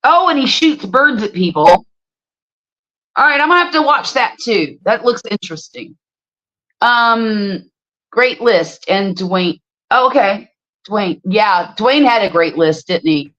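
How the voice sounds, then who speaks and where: A middle-aged woman hosting a casual livestream and telling stories with a lively, swooping voice. She reads viewer comments and exclaims freely. The sound is slightly muffled, as if from a lo-fi home stream. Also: mid-range voice, unhurried. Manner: animated storyteller, exclaims freely. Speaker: livestream host. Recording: slightly dull lo-fi stream audio.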